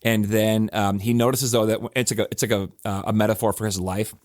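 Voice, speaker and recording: A man's voice: on the low side, little pitch movement, fairly quick, dry recording, clean studio sound. A male pastor reflecting on his sermon in a casual, earnest podcast talk, restarting phrases to stress his points. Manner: earnest and conversational, with emphatic restarts.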